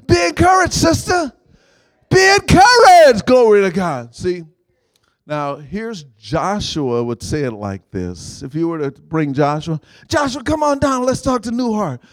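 With a high voice and no echo in the audio, a preacher leads his congregation in call and response, letting them finish his phrases as he climbs into shouting.

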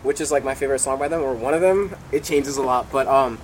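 Chill teen guy, middle pitch, laughs a lot telling a band story. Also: fast talker, a little hiss or hum, low-quality recording. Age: teens. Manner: laid-back, laughs easily, quotes people. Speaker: band member guest. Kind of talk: casual interview storytelling.

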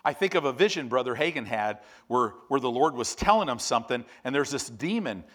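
A male preacher delivering a sermon in a storytelling manner. His voice sits at an ordinary middle pitch. He jumps into loud, excited bursts, then settles into low, hushed emphasis. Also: a little fast.

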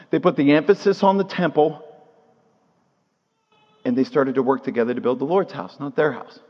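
A man preaching a sermon at a Shabbat service, earnest, repeating key phrases and asking rhetorical questions. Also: medium pitch. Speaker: pastor teaching at a Shabbat service. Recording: long hall reverb, dull lo-fi sound.

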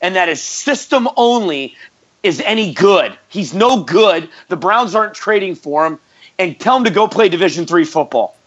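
A man co-hosting a sports podcast, boasting loudly with hot takes in casual banter. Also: sits high, animated, moderate pace. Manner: brash, boastful trash talk. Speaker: podcast co-host. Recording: dull lo-fi podcast audio.

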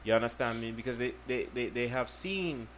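A man's voice: medium pitch, brisk, fairly bright tone, a little hiss or hum. A man hosting a casual podcast chat, explaining at length and checking in with "you understand me". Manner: earnest, repeats "you understand me". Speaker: podcast host.

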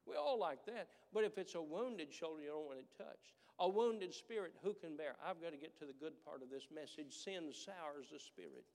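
A man's voice: a little high, lively intonation, normal speed, few pauses, a little mellow, big-room sound. A man preaching a sermon as pastor, with a manner that builds into emphatic, repeated declarations. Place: church sanctuary.

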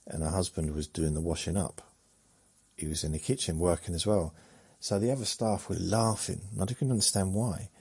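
A man, rambling slowly through a meandering bedtime monologue with muttered asides that trail off. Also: sits low, steady tone, a little mellow, husky. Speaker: sleep podcast host.

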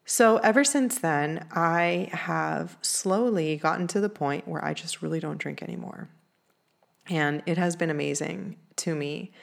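A woman's voice: deep voice, measured pace, creaky. A young woman telling a personal story in a candid, earnest way, with lots of "like" fillers. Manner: candid, heavy use of "like" fillers; earnest, emotional confessional tone.

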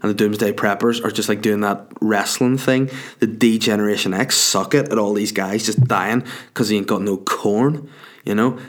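A man delivering a profane, rambling comic rant, worked up and exaggerating. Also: fairly low pitch. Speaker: comedian.

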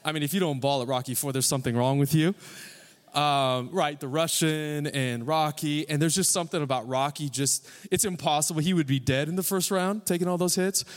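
A man's voice: on the high side, a little fast. A young man who is a pastor, preaching a sermon in a joking, rambling way; he says he is tired. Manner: joking, rambling, self-deprecating. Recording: long hall reverb.

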